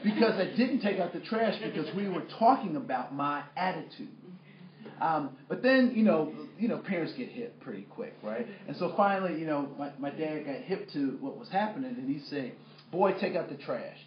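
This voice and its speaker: In an echoey room with muffled audio and a little background noise, a man whose voice is a little high and animated talks at a moderate pace. He's running a workplace training workshop in a chatty, filler-heavy style, asking the room questions.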